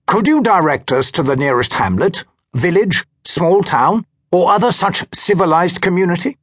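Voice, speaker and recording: A man's voice: sits high, lively intonation, normal speed, fairly bright tone, slightly rough, no room sound, pitched above the performer's own voice, full character voice. A man reading the part of an alien envoy who is stiffly proper and overly formal, putting on his best posh manners. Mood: mock-posh.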